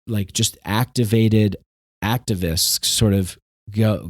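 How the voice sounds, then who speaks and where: A man with a lowish, mellow voice rants sarcastically through a solo podcast monologue and swears freely. The sound is dry and close, with little room. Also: moderate pace, no echo. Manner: ranting, sarcastic, swears often. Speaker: podcast host.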